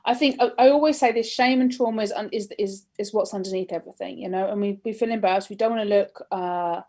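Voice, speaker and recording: A woman's voice: medium pitch, quick pace, darkish tone. A British woman speaking on a live-streamed mental health panel in an earnest, chatty, encouraging way.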